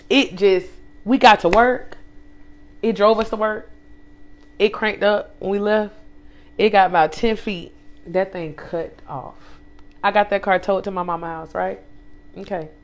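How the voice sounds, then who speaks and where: Unhurried and pausing often, a young woman with a mid-range voice shares a personal story as co-host of a casual faith podcast. She adds emphasis, talks directly to the audience, and acts out the things people told her.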